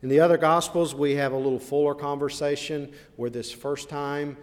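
A man preaching a sermon, dramatic in delivery, dropping to hushed asides and then rising to loud, slow, emphatic phrases. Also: fairly high pitch, flat delivery. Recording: long reverb of a large hall.

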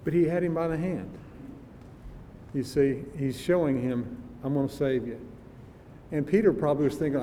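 An older man with a mellow, unhurried voice preaches a sermon, pausing often as he muses conversationally and sometimes laughs. The recording has a reverberant hall sound with a faint rumble.

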